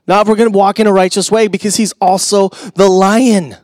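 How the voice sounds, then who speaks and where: A middle-aged male pastor delivering a sermon in a fairly high voice. He talks conversationally, with asides to the congregation, and drops from loud emphasis into hushed near-whispers. The sound is dry and close, with little room echo. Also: fairly even intonation, fairly quick.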